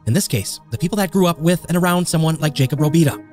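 Fast grave true crime narrator, man. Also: fairly high pitch, a little mellow. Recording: faint music underneath.

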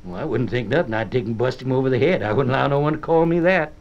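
A man reading aloud and voicing a kindly, simple, earnest runaway man in a soft rustic drawl, on a dull old record. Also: mid-range voice, fast talker, gravelly, close to an everyday voice. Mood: wondering.

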